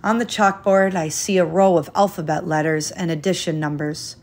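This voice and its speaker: A woman reading a children's picture book aloud in a gentle, expressive, unhurried way. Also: lowish voice. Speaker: storyteller.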